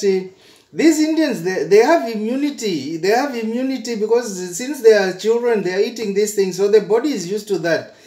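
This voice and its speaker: A man tells a travel story in a casual, animated vlog. He often stammers and repeats words as he talks. His voice sits fairly high, and the room around him is echoey. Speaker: travel vlogger.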